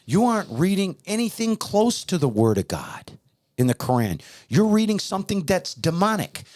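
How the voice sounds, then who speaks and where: A man hosting a talk show, preaching in a heated, emphatic and repetitive way. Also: high voice. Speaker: podcast host.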